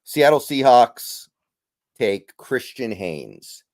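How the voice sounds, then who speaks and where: A man's voice: mid-range voice, very animated, very slow, darkish tone, no echo, studio quality. A man hosting a casual podcast, easygoing and thinking aloud with trailing fillers as he runs through picks. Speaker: podcast host.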